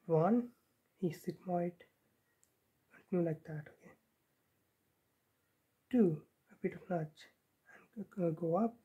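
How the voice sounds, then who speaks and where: A woman's voice: on the low side, takes it slowly, pauses often, dull audio. A woman from Himachal Pradesh casually teaching a handwriting script at home, counting the strokes aloud as she writes. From Himachal Pradesh, India. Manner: talks while writing, counting strokes aloud. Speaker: script tutor.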